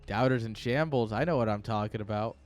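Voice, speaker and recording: Excitable young man casting a game. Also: on the low side, brisk. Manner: excitable, joking, talks to chat. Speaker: game caster. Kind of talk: live esports commentary.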